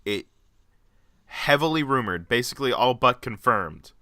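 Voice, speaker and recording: A man's voice: medium pitch, lively intonation, moderate pace, pushed and bright, no room sound, clean studio sound. A man in his twenties co-hosting a podcast in casual chat, joking and rambling with frequent laughs. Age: 20s. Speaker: podcast co-host.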